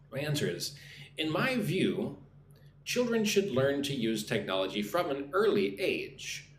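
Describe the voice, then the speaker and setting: With a medium-pitched voice and big swings in pitch, a man teaches English on a live stream, taking things slowly as he reads viewer chat, demonstrates exam answers, and drills pronunciation. The sound is echoey, with faint noise in the background.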